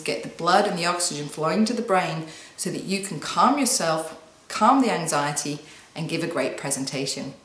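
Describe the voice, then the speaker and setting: A woman coach gives calm, soothing instructions straight to camera. Her voice sits fairly low, and she leads the listener through slow breathing. The room around her is noticeably echoey. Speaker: wellbeing coach. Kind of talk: guided self-help talk to camera.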